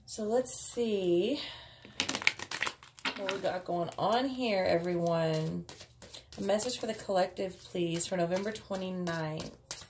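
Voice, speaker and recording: Chatty low-voiced woman reading tarot. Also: takes it slowly, pauses often, noisy background. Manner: chatty and offhand, with frequent fillers. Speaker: tarot card reader. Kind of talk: casual daily tarot reading.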